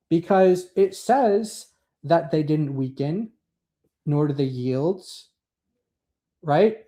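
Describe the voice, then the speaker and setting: A man with a somewhat high, mellow voice talks through a text in casual discussion. He rambles with many fillers and slows down when he reads quotes aloud. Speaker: co-host.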